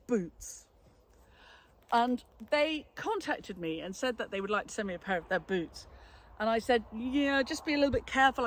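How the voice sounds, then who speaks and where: Chatty woman reviewing products. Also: mid-range voice. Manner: chatty, cheerful, laughs often. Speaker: flower farmer and florist.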